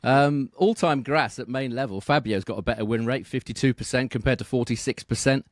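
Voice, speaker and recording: A man talking tennis betting on a podcast, steady and measured, reeling off statistics and asking tag questions. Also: medium pitch, dry recording, studio quality. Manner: measured, reels off stats, asks tag questions. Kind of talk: casual podcast analysis.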